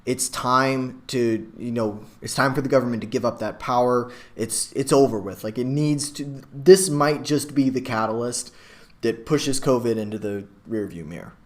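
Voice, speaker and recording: A young man reacting to news clips from his home computer, talking in a rambling, excitable way full of likes and you knows. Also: mid-range voice, moderate pace. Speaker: reaction video host. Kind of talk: casual reaction commentary. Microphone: webcam.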